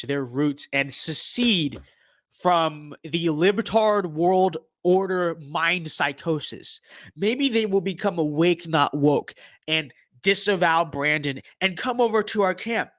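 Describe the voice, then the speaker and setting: A man's voice: fairly high pitch, fairly bright tone, no room sound, studio quality. A young man giving casual gameplay commentary on a stream, full of ironic mock-political bluster and repeated catchphrases.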